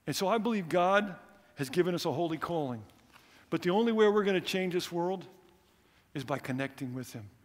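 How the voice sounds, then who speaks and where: A middle-aged man preaching a sermon as a visiting missionary, telling stories in an animated, earnest way. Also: on the high side. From United States. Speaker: missionary speaker. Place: church hall. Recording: echoey church hall.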